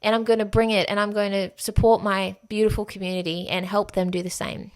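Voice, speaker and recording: A woman hosts a solo podcast, speaking candidly and emphatically and cursing freely. Her medium-pitched voice is brisk with a flat delivery.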